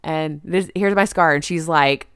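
A woman co-hosting a movie podcast, retelling scenes in lively casual chat and quoting characters. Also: deep voice, measured pace, smooth, dry recording, studio quality. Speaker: podcast co-host.

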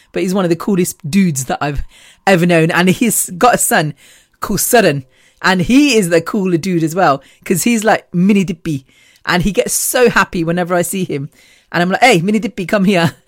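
A woman hosting a podcast, telling rambling personal stories in a chatty, animated way and laughing often. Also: on the low side, dry recording, studio quality. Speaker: podcast host.

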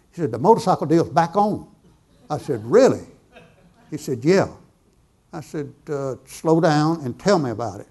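A middle-aged man tells a sermon story. He talks in a folksy, conversational way and voices the other people in the dialogue himself. His voice sits at an ordinary middle pitch. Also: gravelly, a little mellow. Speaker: preacher telling a testimony.

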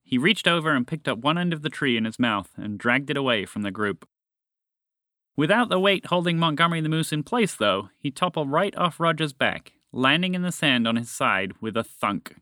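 Guy reading a kids story aloud, bright clear voice, dry close sound. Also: animated, moderate pace, dry recording. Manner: gentle storybook reading, raising his pitch for characters' lines. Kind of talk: children's story narration.

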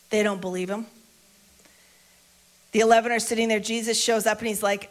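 Woman preacher, fairly high voice, chatty sermon storytelling, repeats stuff for emphasis. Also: fairly even intonation, brisk. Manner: informal, repeats lines for emphasis.

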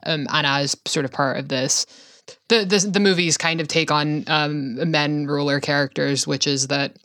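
A woman's voice: low-pitched, steady tone, normal speed, fairly bright tone, no room sound, clean studio sound. A woman co-hosting a podcast in casual chat, laughing often and swearing as she rambles. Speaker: podcast co-host.

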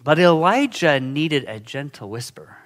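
A middle-aged man preaching a sermon in a conversational, animated way, often checking in with his listeners. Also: a little high, unhurried. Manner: conversational, animated, frequent "okay?" and "right?" check-ins. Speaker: pastor.

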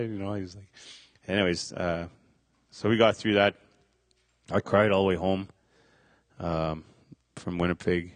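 Middle-aged man, very low voice, dry close sound, halting personal testimony with lots of restarts. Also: steady tone, dry recording. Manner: halting, many fillers and restarts. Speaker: speaker sharing a testimony.

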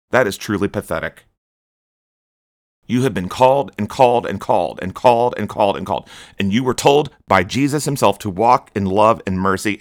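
A man's voice: lowish voice, fairly bright tone, dry recording, studio quality. A man preaching a stern, scolding sermon on his podcast, rebuking his listeners.

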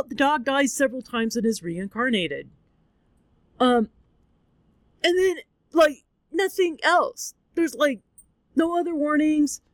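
A woman hosts her podcast and recaps a movie in a slow, unhurried way. She is openly tearful and candid, and she swears freely. The sound is dry and close, with no room echo. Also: fairly high pitch. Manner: candid and expressive, swears freely, acts out voices. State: tearful, crying. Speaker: podcast host. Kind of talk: casual storytelling, movie recap.

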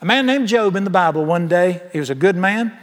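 A man's voice: sits high, expressive, brisk, fairly bright tone, big-room sound. A man preaching a sermon in a large church, folksy and emphatic, firing rhetorical questions at the congregation. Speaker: pastor.

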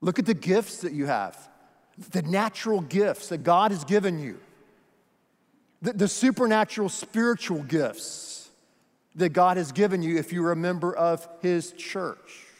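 Emphatic high-voiced male preacher. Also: unhurried, long reverb tail. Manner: emphatic, conversational, asks many questions. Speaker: pastor. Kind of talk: sermon.

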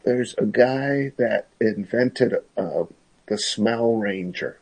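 A man co-hosting a casual chat from his sister's kitchen table, speaking haltingly with many restarts. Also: on the low side, gravelly, darkish tone, rough recording. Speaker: podcast co-host.

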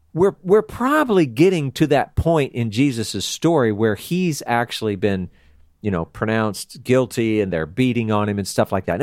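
Lively male Bible teacher. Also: mid-range voice, dry recording, clean studio sound. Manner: animated, chatty, laughs often. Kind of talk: casual Bible study talk.

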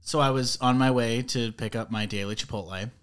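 Man, co-host, mid pitch, lively casual storyteller. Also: a little fast, clear, resonant tone. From Florida. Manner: animated storyteller, gets loud when worked up. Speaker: podcast co-host. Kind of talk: casual chat.

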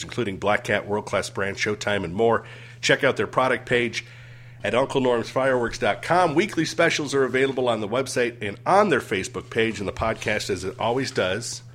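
A man co-hosting a casual podcast, reading local sponsor ads in a brisk, deadpan way and trading dry quips. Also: medium pitch. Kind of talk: casual podcast banter and live-read ads.

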